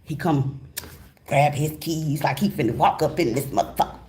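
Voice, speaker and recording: A woman host telling a profane, animated story in a casual monologue. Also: sits low, normal speed, slight background noise. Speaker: tarot channel host.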